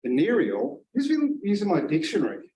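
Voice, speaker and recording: A man giving a humorous contest speech, with wry, deadpan asides. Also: moderate pace. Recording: echoey hall, distant mic, faint rumble.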